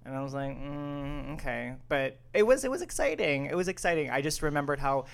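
A man in his late thirties from Canada, co-hosting a casual podcast chat, animated and quick to laugh. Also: a little high, creaky, clear, resonant tone. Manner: animated, laughs often, mimics others playfully. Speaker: podcast co-host.

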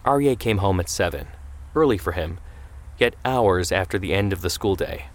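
A man narrating a scripted story in a steady storytelling way. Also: sits low, normal speed.

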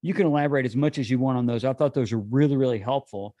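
A man's voice: mid-range voice, racing, mellow, dry recording, lo-fi sound. A man hosting an interview, who encourages his guest and often affirms him while asking questions. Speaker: podcast host.

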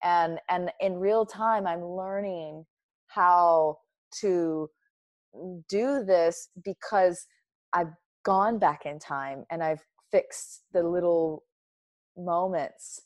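A woman's voice: fairly low pitch, drawn-out words, no room sound. A woman guest speaking earnestly and emotionally in an interview, often repeating words as she starts a thought. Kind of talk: heartfelt interview talk.

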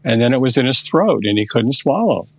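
An older man, a therapist guest in a podcast interview, who tells a session step by step in an unhurried, conversational way. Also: medium pitch, sing-song, vocal fry, breathy edge, no room sound.

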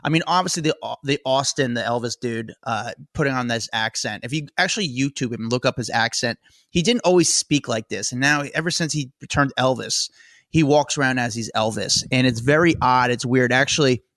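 A man's voice: medium pitch, brisk, a bit bright, dry recording, studio quality. A man co-hosting a celebrity news show, giving blunt, mocking opinions in loose rambling talk. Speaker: co-host. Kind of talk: casual celebrity news chat.

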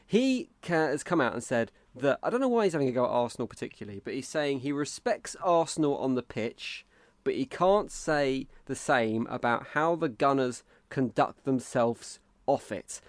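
A man's voice: mid-range voice, expressive, moderate pace, no room sound. A chatty English man hosts a casual football podcast. He reads out listener reviews and runs the show. His voice sounds dry and close to the mic. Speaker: podcast host.

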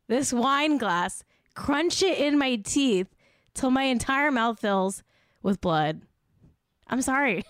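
A woman hosting a comedy podcast, delivering a sarcastic, exaggerated rant with deadpan asides. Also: high-pitched, no room sound, clean studio sound. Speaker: podcast host.

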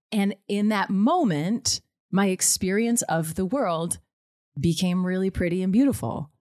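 A woman's voice: mid-range voice, measured pace, darkish tone, no echo, studio quality. A woman chatting casually on a podcast, laughing often and acting out her own thoughts in little quoted asides.

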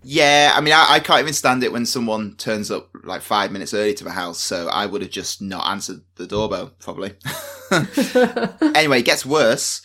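Man, bright tone, podcast co-host, casual storytelling, excited bursts. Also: fairly low pitch, a little fast, hardly any pauses. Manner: animated storytelling with excited outbursts.

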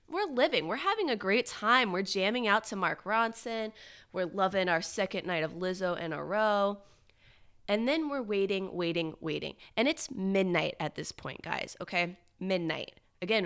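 A woman's voice: mid-range voice, smooth. A young woman, telling a rambling story in casual chat, a little nasal this morning. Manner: animated, rambling storyteller with lots of "like". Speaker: podcast co-host.

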